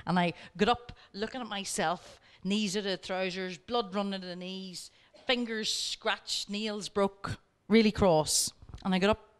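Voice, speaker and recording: A woman speaking at a workshop, telling lively stories and coaching her audience directly. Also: medium pitch, a little slow, hardly any pauses, smooth. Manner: lively anecdotes, acting out both sides of the dialogue. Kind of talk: storytelling lecture.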